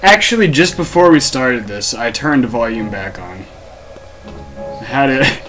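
A man's voice: medium pitch, animated, measured pace, pushed and bright, faint music behind. A young man hosting a casual gameplay commentary, rambling and joking with many restarts. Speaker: let's play host. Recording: noisy home recording.

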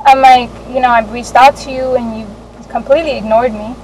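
A young adult woman vlogging, telling a candid personal story in an animated way, with laughs and the odd swear. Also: sits high, a little fast, slight background noise, rough recording.

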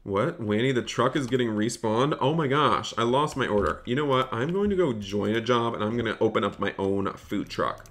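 A bright, forceful male voice streaming a game live, talking straight to his chat in an excitable, chatty rush. He keeps repeating little phrases and switches to a raised, cheery call when serving customers. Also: mid-range voice, moderate pace, hardly any pauses. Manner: repeats phrases, calls out in a raised shop-counter voice. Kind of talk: live gaming stream commentary.

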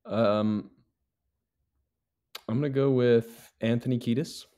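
A man who plays in a band, a guest in casual podcast chat, relaxed and hesitant with many ums. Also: medium pitch, takes it slowly.

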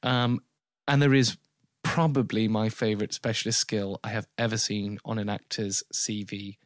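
A man's voice: lowish voice, flat delivery, normal speed, dry recording, clean studio sound. A man hosting a podcast, chatting casually and teasing his guest. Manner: playful, teasing. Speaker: podcast host. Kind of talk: casual interview chat.

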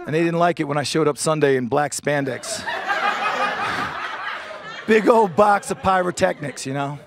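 A man's voice: on the high side, normal speed, creaky, very noisy. A man performing a stand-up comedy set on stage, with punchy delivery and silly character voices. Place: stage before a live audience.

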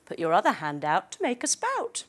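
A woman's voice: medium pitch, wildly swooping pitch, normal speed, a bit bright. A woman leading a children's yoga class through a story, giving encouraging instructions and making playful sound effects.

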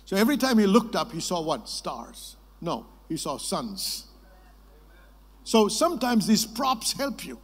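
A man's voice: sits high, moderate pace, slightly rough. Male preacher in a reverberant hall. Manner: lively storytelling, prompting the congregation to answer. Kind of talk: sermon. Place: large conference hall. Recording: long reverb of a large hall.

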